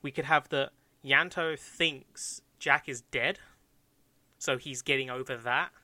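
Bright-voiced man in casual chat. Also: mid-range voice, slow, no echo. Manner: hesitant, many restarts and fillers. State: phlegmy. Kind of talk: casual chat about film ideas.

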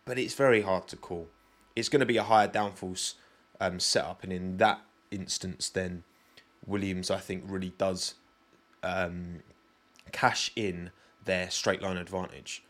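A young man with a British accent, speaking in a somewhat low voice. He talks loosely and chattily on his own podcast, turning often to his listeners and poking fun at himself. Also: steady tone, measured pace, a bit bright. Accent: British English. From Britain. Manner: chatty, rambling, self-deprecating, addresses the audience directly. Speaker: podcast host. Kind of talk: casual solo chat with live chat.

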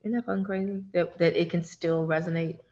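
Low-voiced woman gabbing about a tv show, swears a lot, kinda dull lo-fi sound. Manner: animated, swearing, talks fast in bursts. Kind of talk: casual chat about a TV show.

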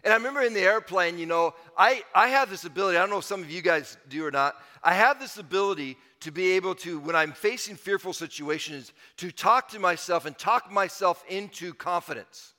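A male pastor preaching a sermon in a big hall whose sound rings on after every phrase. His voice is bright and sits a little high for a man. He drives his points home by repeating them. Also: brisk, few pauses. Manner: emphatic, repeats key phrases.

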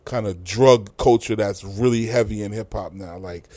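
A man's voice: lowish voice, moderate pace, a little mellow. A middle-aged man, telling loose, profane stories as a guest in a casual interview, with many fillers and restarts. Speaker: music industry guest.

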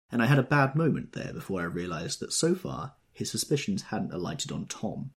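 A man reading an audiobook in scripted narration, expressive and measured. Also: fairly low pitch, vocal fry, breathy edge.

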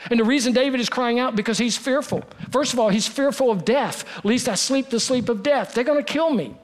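A man preaching a sermon, dropping to a hush and then rising to urgency, repeating lines for emphasis. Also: very high-pitched, a little fast. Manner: preaching with dramatic dips to a hush and rises to urgency. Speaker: pastor.

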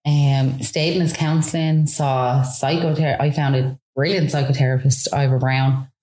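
A woman in her thirties with an Irish accent, telling a personal story in a chatty, animated way with lots of fillers. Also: rumbling low, moderate pace, reverberant. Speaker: guest. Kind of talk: casual storytelling.

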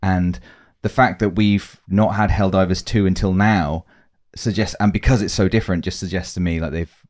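A man's voice: low voice, steady tone, normal speed, darkish tone. A man co-hosting a podcast, chatting casually and enthusiastically about new games, rambling as he searches for words. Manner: rambling, enthusiastic, bursts of laughter. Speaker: podcast co-host. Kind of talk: casual chat reacting to game trailers.

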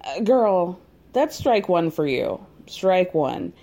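A woman's voice: fairly low pitch, sing-song, slow, dark tone. A young adult woman recapping a reality TV show in casual, gossipy commentary, laughing often and dropping sassy asides.

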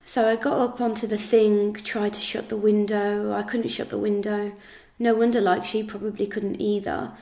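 A woman's voice: mid-range voice, level tone, normal speed, vocal fry, warm tone. An English woman giving a first-person account of events, quoting what was said with frequent fillers. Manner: recounts events with reported speech, many fillers. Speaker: interviewee recounting events.

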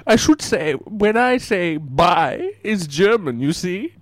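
A man's voice: high-pitched, big pitch swings, slow, no echo, pitched above the performer's own voice, full character voice. A man voicing a pompous Italian mob boss caller with a thick put-on accent and mangled grammar, in improvised comedy. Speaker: comedy podcast co-host.

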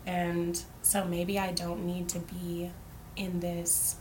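A woman's voice: fairly low pitch, monotone, takes it slowly, darkish tone. A young woman co-hosting a casual chat, talking about coaching in a loose way with plenty of "like" fillers. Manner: chatty, filler-heavy with frequent "like". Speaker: podcast co-host, life coach. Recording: faint background noise.

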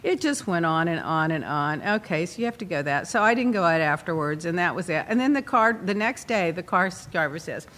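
A woman's voice: lowish voice, a little fast, hardly any pauses. A woman hosting a talk show, telling a long, rambling personal story in casual chat and acting out her own asides. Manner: animated, rambling, quotes herself in asides. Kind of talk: chatty storytelling monologue.

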